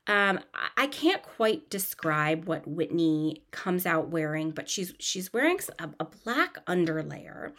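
A woman hosting a podcast, recapping a reality show in a chatty, gossipy, animated way. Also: lowish voice. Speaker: podcast host.

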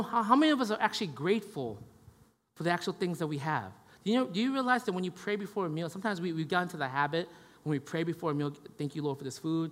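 A man delivers a sermon in a relaxed, conversational manner, often tagging his points with a quick question to the room. His voice sits a little high for a man. The sound carries a long reverb from a large hall. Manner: conversational, frequent "right?" tags. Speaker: pastor.

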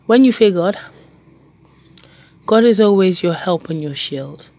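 A woman preaching a devotional message, animated and emphatic, laughing and telling stories. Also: lowish voice, measured pace.

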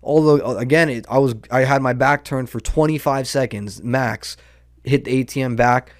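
A man's voice: medium pitch, moderate pace, dry recording, clean studio sound. A young man hosting a podcast, telling a story in a rambling, profane, slangy way. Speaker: podcast host. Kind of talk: casual storytelling monologue.

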